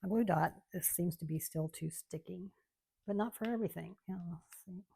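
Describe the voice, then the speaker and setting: Low-voiced, gravelly woman chatting. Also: normal speed, a little hiss or hum. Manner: chatty, rambling, soft-spoken. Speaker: craft channel host. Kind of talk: casual chat while crafting. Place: home craft room.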